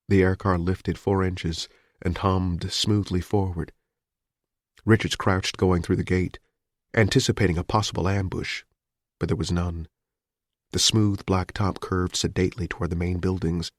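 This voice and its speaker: Reading from a script, a deep-voiced man narrates an audiobook at a moderate pace with fairly even intonation. The recording is studio quality and dry.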